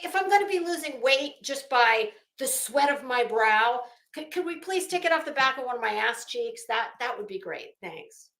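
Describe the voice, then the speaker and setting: Sweaty lady hosting fashion gossip at home, bright sharp voice, cussing and rambling. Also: on the high side, echoey room. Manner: rambling, profane, self-mocking storytelling. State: hot and sweaty. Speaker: host of a fashion gossip commentary show. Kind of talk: casual chatty commentary.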